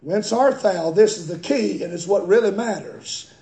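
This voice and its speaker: High-voiced man preaching a fiery sermon. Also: lively intonation, vocal fry. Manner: swings from quiet slow reading to high shouted preaching. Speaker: pastor. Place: church sanctuary. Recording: echoey church room.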